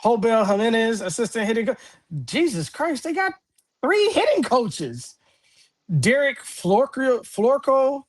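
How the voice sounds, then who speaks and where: A man's voice: very high-pitched, very animated, moderate pace. A man with a Milwaukee accent co-hosting a casual sports show, slangy, jokey and laid-back. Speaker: podcast co-host.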